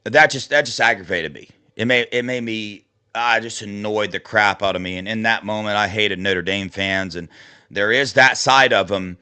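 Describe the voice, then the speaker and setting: Man, podcast co-host, bright forceful voice, rambling sports chat. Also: on the low side, moderate pace, clear, resonant tone. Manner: rambling, restarts and fillers, excitable.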